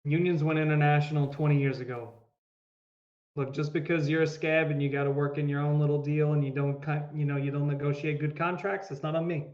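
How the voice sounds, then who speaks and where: A man's voice: a little high, flat delivery, brisk, a little mellow, muffled recording, lightly acted. Man playing a pushy union dock worker. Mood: haggling. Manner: blustering, haggling.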